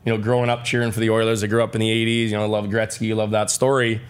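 A man's voice: on the low side, little pitch movement, rapid-fire, clean tone. A man in his forties from Saskatchewan, a guest chatting casually in an interview and rambling with lots of fillers and restarts. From Saskatchewan, Canada. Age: 40s. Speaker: guest athlete.

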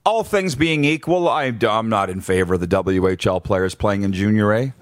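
A man's voice: on the low side, animated, normal speed, no echo, studio quality. A man hosting a sports talk show, running through numbered points with blunt opinions and frequent restarts.

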